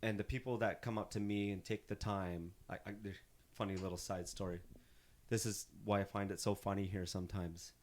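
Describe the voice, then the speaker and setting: A man's voice: lowish voice, steady tone, brisk, darkish tone, slight background noise. A man from Northern Ontario, a musician guest on a podcast, telling stories in a loose, rambling way with frequent restarts and casual swearing. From Northern Ontario, Canada. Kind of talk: casual storytelling chat.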